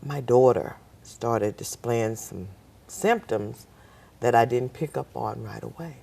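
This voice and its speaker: A woman's voice: a bass voice, slow pace, gravelly, mellow, breathy edge. A woman telling her life story as a guest on a talk show, bringing in the voices of the people in her account. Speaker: nurse. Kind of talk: personal storytelling.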